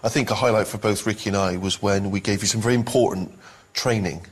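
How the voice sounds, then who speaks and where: A man's voice: lowish voice, steady tone, fast, husky. A man co-hosting, asking wry, probing questions in casual comedic chat. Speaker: co-host.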